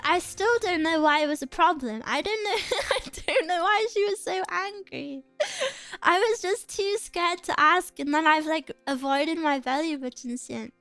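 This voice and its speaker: A young woman with a high voice chats loosely on her stream, drifting from one thought to the next and laughing as she goes. Quiet background music plays faintly under her. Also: a little slow, no echo. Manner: chatty, rambling, giggly. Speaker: VTuber streamer. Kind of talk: casual chat stream.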